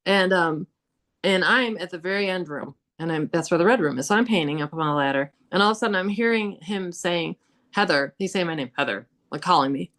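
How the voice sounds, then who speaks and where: A woman with a somewhat low voice guests on a podcast, recounting eerie happenings in an animated, conversational way. She fills her telling with casual fillers and acts out the lines people said. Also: quick pace. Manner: animated, with laughs, many "like"s and acted-out quotes. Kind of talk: casual storytelling about hauntings.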